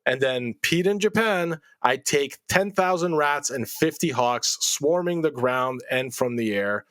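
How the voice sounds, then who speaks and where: A man's voice: medium pitch, lively intonation, a bit bright, dry recording. Man, podcast co-host, reads listener mail, dry close sound. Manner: reads mail aloud with quick asides and chuckles. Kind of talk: casual podcast chat.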